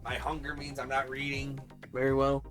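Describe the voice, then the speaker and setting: A man's voice: medium pitch, monotone, moderate pace, fairly bright tone. A man streaming a video game, thinking aloud in casual commentary and muttering to himself. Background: game music.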